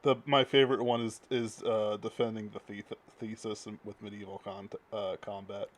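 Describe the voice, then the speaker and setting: A man's voice: on the low side, flat delivery, moderate pace. A man hosting a podcast in casual chat, talking in a rambling, self-deprecating way. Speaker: podcast host.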